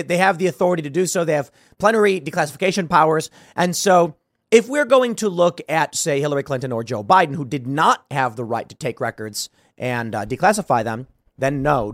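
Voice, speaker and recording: A man's voice: on the high side, fairly bright tone, dry recording, studio quality. A man hosting a solo political commentary show, sarcastic and combative, firing off rhetorical questions.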